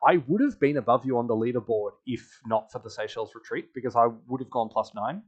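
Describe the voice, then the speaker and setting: A man's voice: mid-range voice, fast, slightly rough. Man, casual game recap chat, laughs a lot, slightly muffled lo-fi audio. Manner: chatty, laughs often, acts out quoted players. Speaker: podcast host.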